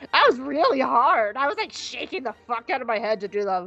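A woman co-hosting a podcast, recapping in casual chat that is rambling and jokey, with quick asides. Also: on the high side, bright, forceful tone, lo-fi sound. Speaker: podcast co-host.

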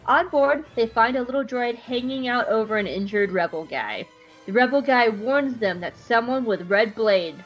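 A young woman hosting a podcast, recapping an episode in a chatty, irreverent way and swearing casually. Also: medium pitch. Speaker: podcast host. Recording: slightly muffled lo-fi recording.

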